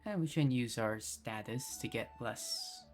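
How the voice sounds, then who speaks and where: A woman's voice: very deep voice, unhurried, a little mellow, soft background music. A woman streaming a video game, chatting casually and playfully with lots of fillers. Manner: playful, hesitant, full of fillers. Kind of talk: casual gameplay commentary.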